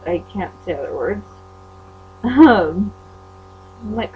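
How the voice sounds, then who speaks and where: A teenage girl from Utah tells a story in a casual vlog rant, chatty and indignant. She leaps into loud, high-pitched bursts when she quotes people. The recording is muffled and lo-fi, with a faint electrical hum underneath. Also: normal speed, pauses often. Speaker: vlogger. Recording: dull lo-fi webcam audio with faint mains hum.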